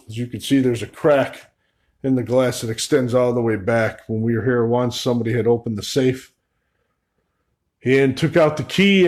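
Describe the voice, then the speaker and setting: Brief: male paranormal vlogger on his own in a dark old store, mid-pitch voice, loud calls then hushed asides. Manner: talks to spirits and camera, shifts between loud calls and hushed asides. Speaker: paranormal investigator. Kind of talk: solo ghost-hunting vlog narration. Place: old store building at night, indoors.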